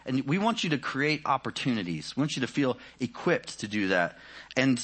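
Preaching in an easygoing, conversational manner, this man keeps saying "you know." His mid-range, slightly rough voice is very animated at a normal speed, surging with energy before settling into hushed, probing questions.

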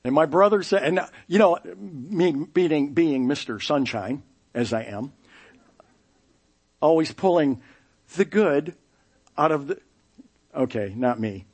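A middle-aged man preaching a sermon as pastor, telling stories in an animated way and acting out the people he quotes. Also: a little high, takes it slowly, pauses often, husky. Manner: animated storytelling, acting out quoted voices with laughs.

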